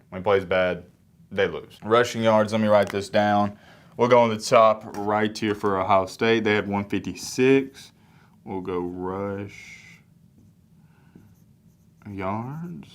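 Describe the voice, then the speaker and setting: A young man with a cold giving casual, low-energy sports commentary to camera, sometimes moving away from the mic. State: sick, congested. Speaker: sports reaction YouTuber.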